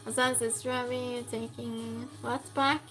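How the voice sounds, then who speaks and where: A woman's voice: fairly high pitch, little pitch movement, a little slow, fairly bright tone, soft background music, poor audio. A woman hosting a trivia game on a live stream, chatting casually and reading out and answering viewers' messages. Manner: chatty, reads chat aloud and answers viewers.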